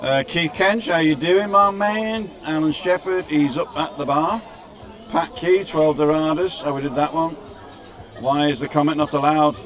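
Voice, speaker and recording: A man's voice: fairly high pitch, fairly even intonation, normal speed, fairly bright tone, soft background music. A man from Britain hosting a casual livestream outdoors, reading out and greeting viewers by name with wry asides. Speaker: livestream host. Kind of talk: casual live chat, reading out viewer comments. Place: outdoors on a street. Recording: busy outdoor crowd noise.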